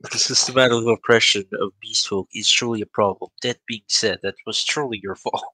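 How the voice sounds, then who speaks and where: Bright, dry-voiced young man rambling. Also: fairly low pitch, fairly even intonation, moderate pace, dry recording, low-quality recording. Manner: rambling, restarts and profanity. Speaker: tabletop game player. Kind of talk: casual chat between players.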